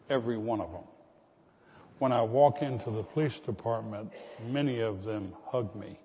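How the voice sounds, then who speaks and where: Male pastor, mid-pitched sermon voice, long church reverb, muffled recording. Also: a little mellow, a little hiss or hum. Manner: storytelling preacher, rising to emphatic repetition. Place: church sanctuary.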